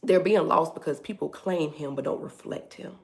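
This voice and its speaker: A woman's voice: low voice, moderate pace, gravelly. A woman hosting a faith talk livestream, preaching casually and animatedly, calling her listeners "baby".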